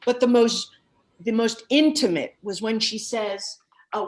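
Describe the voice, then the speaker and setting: A woman's voice: medium pitch, takes it slowly. A woman voice coach giving masterclass feedback, gushing over the singing and singing bits of the lyrics as she explains. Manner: effusive, sings snippets of the lyrics while explaining.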